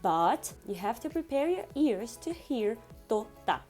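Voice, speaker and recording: Woman, language teacher, lively higher voice, slow repeated words, soft music behind. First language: Portuguese. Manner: animated, repeats words slowly for learners. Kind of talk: beginner language lesson.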